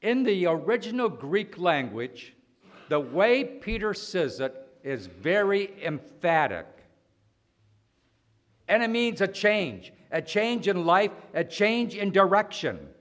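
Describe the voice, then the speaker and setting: Slow, dramatic male preacher. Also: high voice, very animated. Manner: dramatic swings between loud emphasis and quiet; slow, deliberate delivery. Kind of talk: sermon.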